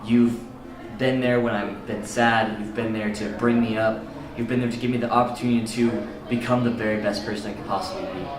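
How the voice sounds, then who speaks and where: Young male student, earnest tribute, halting delivery; distant roomy recording. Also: on the low side, steady tone, noisy background. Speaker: student thanking a teacher. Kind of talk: heartfelt tribute speech. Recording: roomy, distant, music behind.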